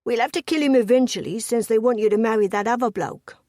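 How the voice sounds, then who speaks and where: A woman's voice: on the high side, fast, dark tone, dry recording, clean studio sound, lightly acted. Audiobook thug with a Cockney accent, blunt and menacing, read by a female narrator. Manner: blunt, threatening. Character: rough Cockney male kidnapper thug.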